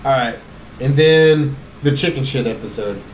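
A man's voice: mid-range voice, moderate pace, a loud crowd. Joking man reading the news in an echoey room. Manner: crude, joking, reads news aloud. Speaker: podcast host. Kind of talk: casual chat. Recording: echoey room, faint background noise.

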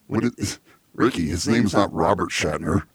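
A man's voice: deep voice, moderate pace, husky, dry recording. A man hosting a casual comedy podcast, chatty and rambling. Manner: chatty, laughs easily, rambling. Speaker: podcast host.

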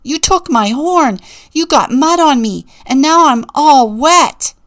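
A woman voicing an easily angered young male animal with a horn in a storybook reading, grumbling and yelling. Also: on the low side, slow pace, vocal fry, heavily acted. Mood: furious.

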